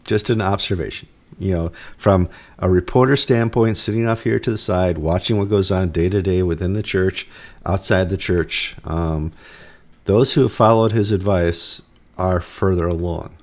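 A man's voice: deep voice, normal speed, a little mellow. Easygoing man hosting news banter. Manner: easygoing, leading the talk with quips. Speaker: news show host and reporter.

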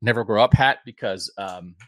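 A man's voice: on the low side, normal speed, fairly bright tone, dry recording, clean studio sound. A man in his fifties, a podcast host giving a casual, rambling, self-deprecating update from home. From United States. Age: 50s.

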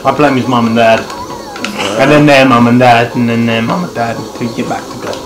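A young man from Kent playing a racing game with a friend, loud and sweary, laughing at his own bad luck. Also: medium pitch, level tone, brisk, noisy background. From Kent, England. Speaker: gamer co-host. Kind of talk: casual gaming commentary. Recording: game music behind.

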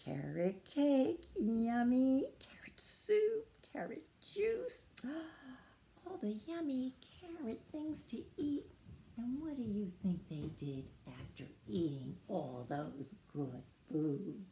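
A woman librarian reading a picture book aloud to preschoolers in a sing-song voice, pausing to ask the children questions. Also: fairly high pitch, sing-song, vocal fry, dark tone, slight background noise. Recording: roomy echo.

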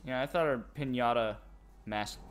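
A man's voice: mid-range voice, normal speed. A man giving casual, playful commentary while streaming a game. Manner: playful, chatty. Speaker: let's play streamer.

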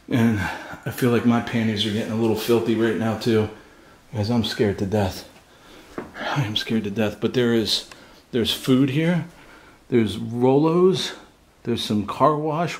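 A man's voice: medium pitch, a little hiss or hum. A man filming a ghost-hunting vlog alone inside an abandoned house, nervous and jumpy, swearing often. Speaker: paranormal investigator vlogger.

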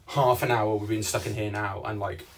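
A man's voice: fairly low pitch, fairly even intonation, normal speed, slight background noise. Brief: young man, frightened vlogger, shaky voice, distant phone mic. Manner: shaky, repeats reassurances, shouts for help. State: panicking, shaking. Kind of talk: frightened handheld vlog. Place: inside a small stuck lift.

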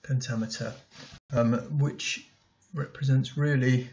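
A man's voice: mid-range voice, fairly even intonation, slow pace, a little mellow, lo-fi sound. A male teacher talking through a poem in a recorded lesson, thinking aloud as he writes notes, with many ums and restarts.

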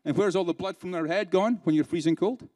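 Speaking live at a conference in a conference room, a British man gives his keynote conversationally, leaning on rhetorical questions and dry sarcasm. His voice sits high and is mellow, fairly quick, and free of echo.

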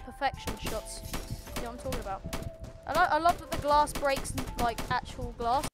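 A woman hosting a gaming channel, giving excitable, playfully cocky commentary while she plays. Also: high-pitched, normal speed. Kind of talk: live gameplay commentary. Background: loud game music and gunfire.

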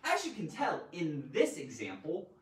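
A woman teaching a live online grammar lesson, animated and theatrical, with loud exclamations. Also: low voice, unhurried, echoey room, recorded from a distance, rough recording.

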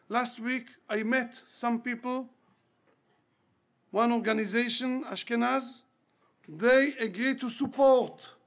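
A man's voice: very high-pitched, vocal fry, a bit bright. A man, a rabbi, preaching an impassioned storytelling sermon and repeating key words for emphasis.

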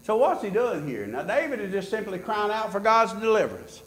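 A pastor preaching a sermon in church, swinging between loud high peaks and low, quiet asides. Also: male voice, sing-song, a little fast, reverberant.

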